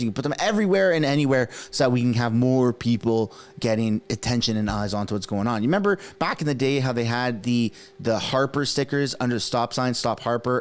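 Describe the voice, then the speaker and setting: A man in his thirties who grew up speaking French, hosting his own political commentary channel. He talks casually and excitably, mocking his targets and often bursting into enthusiasm. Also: mid-range voice. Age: 30s.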